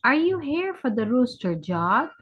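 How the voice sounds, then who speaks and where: A woman doing a brisk businesslike cow. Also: on the high side, sing-song, husky, pitched above the performer's own voice, heavily acted. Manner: businesslike, questioning. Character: brisk professional female cow interviewer. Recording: dull lo-fi recording.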